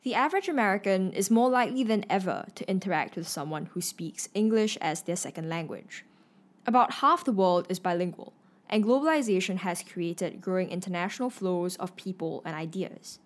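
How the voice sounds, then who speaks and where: Woman narrator, clear informative read, mid voice. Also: mid-range voice, expressive, brisk. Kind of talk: scripted narration.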